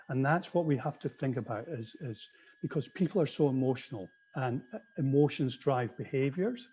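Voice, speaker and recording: A man's voice: medium pitch, dark tone. A man with a slight Scottish accent presenting a webinar over a video call, hesitant, with many ums and restarts. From Scotland. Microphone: computer mic on a video call. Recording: muffled video call audio.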